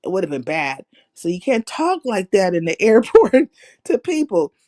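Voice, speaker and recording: A woman hosting a livestream, telling profane stories in a brash, animated, slangy way. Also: mid-range voice, moderate pace, no echo. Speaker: livestream host. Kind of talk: casual profane storytelling chat.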